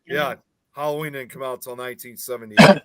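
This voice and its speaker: A man's voice: mid-range voice, fairly even intonation, brisk, a crowd in the background. A man co-hosting a podcast, chatting casually and at length about horror films. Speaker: podcast co-host. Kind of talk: casual horror film discussion.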